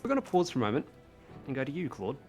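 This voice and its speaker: A man's voice: medium pitch, big pitch swings, racing, darkish tone, soft background music. A man narrating as game master, describing scenes and teasing his players.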